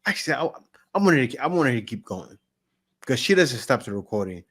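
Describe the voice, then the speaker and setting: A man's voice: medium pitch, sing-song, brisk, fairly bright tone. A man hosting a reaction video, giving blunt, dismissive casual commentary on clips he plays.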